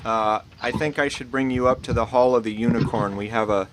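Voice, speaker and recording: A man's voice: mid-range voice, fairly even intonation, fairly quick, natural voice. A man voicing a welcoming elven woman guide in a tabletop game, in a plain, friendly delivery. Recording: noisy online voice chat.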